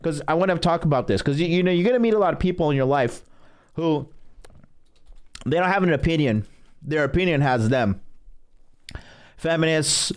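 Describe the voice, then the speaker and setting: A man's voice: a little high, lively intonation, normal speed, pauses often, smooth. A man hosting his own stream as a dating coach, ranting in a profane, boastful, rambling way. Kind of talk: ranting livestream monologue.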